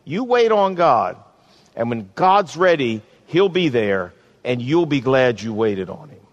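A man's voice: mid-range voice, very animated, lo-fi sound. Earnest male pastor preaching. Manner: earnest, pleading, slows for emphasis. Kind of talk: sermon and closing prayer.

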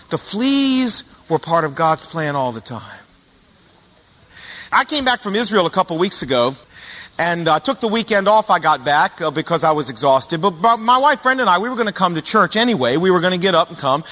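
A man's voice: extremely high pitch, expressive, fairly quick, sharp tone, long reverb tail. A middle-aged male pastor telling stories in a sermon, animatedly acting out the voices of the people in them. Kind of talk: sermon storytelling.

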